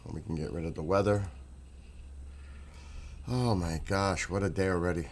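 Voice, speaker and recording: A man's voice: low-pitched, steady tone, normal speed, a little hiss or hum. A man vlogging at home, chatting casually and enthusiastically, rambling and repeating himself. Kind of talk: casual chat.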